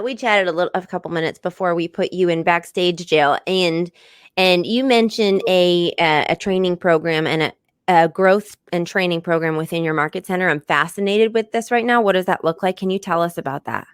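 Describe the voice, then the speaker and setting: A woman's voice: on the low side, moderate pace, smooth, dry recording, clean studio sound. A woman co-hosting a casual podcast chat, asking questions in an upbeat, enthusiastic way. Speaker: podcast co-host.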